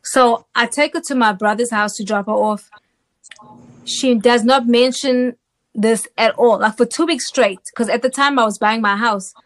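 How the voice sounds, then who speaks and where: A woman from South Africa recounts her personal testimony as a guest on an interview show. Her voice sits a little high, and she tells the story in an animated way, often pausing to check in with her listener.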